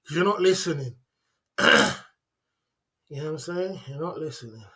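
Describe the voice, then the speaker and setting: A man hosts a casual livestream and scolds his chat. He repeats himself and insists that they listen, and his voice sits a little high for a man. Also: expressive, moderate pace, pushed and bright, husky. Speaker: livestream host.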